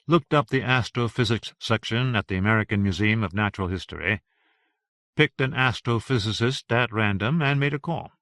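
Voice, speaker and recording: Low, bright-toned male audiobook narrator. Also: no echo, clean studio sound. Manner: steady, even reading.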